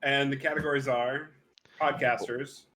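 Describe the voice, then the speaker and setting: A man's voice: medium pitch, fairly even intonation, normal speed, pushed and bright, rough recording. A man on a casual gaming podcast, laid-back and a little apologetic while playing a quiz. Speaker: podcast co-host, quiz contestant. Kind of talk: casual chat.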